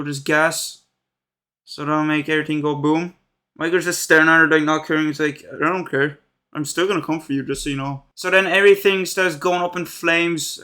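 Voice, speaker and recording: A man's voice: high voice, pushed and bright. A young man giving a casual, comedic recap of a horror movie, full of slang, crude jokes and asides.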